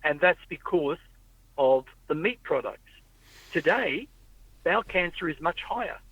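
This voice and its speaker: This podcast host's voice is a little high, a little slow, slightly rough and animated as he chats casually in a car. He rambles from story to story, performing the quoted people, on tinny, phone-like, dry audio with no room sound.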